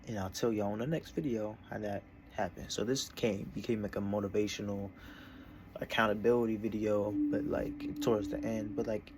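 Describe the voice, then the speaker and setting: A man's voice: lowish voice, fairly even intonation, moderate pace, noisy background. A young man in a casual vlog, talking from his desk in a meandering, self-interrupting way. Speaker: vlogger.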